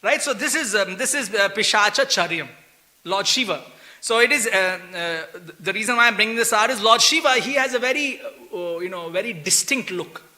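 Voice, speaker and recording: A man teaching a scripture class in a temple hall, with a high, piercingly bright, tense voice. He tells the old story as an easygoing chat, full of "you know" and little chuckles, as if he were talking with friends. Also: moderate pace. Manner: chatty, animated retelling, chuckles often, many "you know" fillers.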